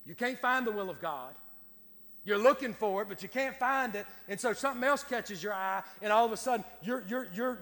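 A man's voice: high-pitched, a bit bright, long reverb tail. A man preaching a sermon, telling a folksy story in country speech. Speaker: pastor.

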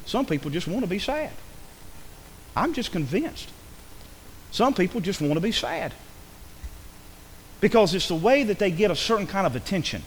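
Animated preacher in a reverberant hall. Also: male voice, sits high, slight background noise. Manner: animated, conversational preaching with quick asides and acted quotes. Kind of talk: sermon. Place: church sanctuary.

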